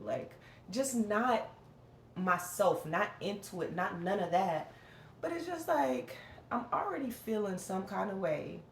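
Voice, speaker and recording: A woman venting to camera in a candid, rambling personal rant, often dropping low and flat to mimic what others said. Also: unhurried, vocal fry, reverberant, a little hiss or hum. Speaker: vlogger.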